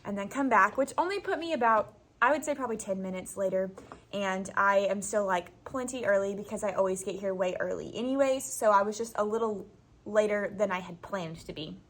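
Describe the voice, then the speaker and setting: A woman's voice: medium pitch, fairly quick, a bit bright. A young woman from Florida, a first grade teacher, chatting casually to camera in her classroom, laughing easily and saying "y'all" and "like" a lot. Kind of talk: casual vlog chat. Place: classroom, indoors.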